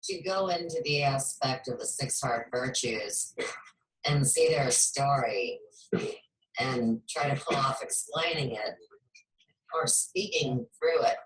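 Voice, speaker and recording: A woman hosting a spiritual talk show, speaking in a slow, measured, reflective way. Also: rumbling low. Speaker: host. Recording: echoey room, far from mic.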